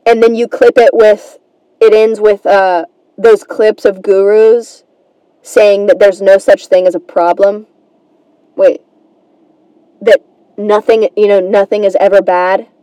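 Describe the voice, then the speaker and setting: A woman's voice: medium pitch, flat delivery, takes it slowly, long pauses, mellow, no echo, rough recording. A woman hosting a comedy podcast, telling a rambling, self-deprecating story in a casual monologue and swearing freely.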